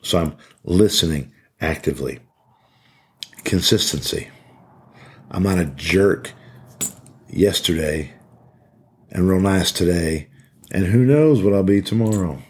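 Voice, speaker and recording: Earnest deep-voiced man with husky tone. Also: slow, pauses often. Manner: earnest, emphatic, repeats key phrases. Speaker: podcast host speaking to corrections officers. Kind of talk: motivational talk.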